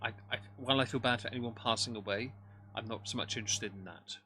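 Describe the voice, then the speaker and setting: A man's voice: mid-range voice, fast talker, bright, forceful tone, a little hiss or hum. A man giving live reaction commentary on a stream, making dry, mocking remarks while greeting his chat. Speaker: livestream commentator.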